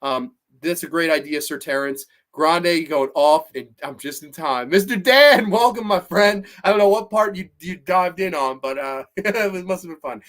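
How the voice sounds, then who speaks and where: Guy ranting hard about movies, cussing a lot, bit high voice. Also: normal speed, fairly bright tone. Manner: blunt, profane, ranting. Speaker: podcast host reading live chat. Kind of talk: casual live-stream chat.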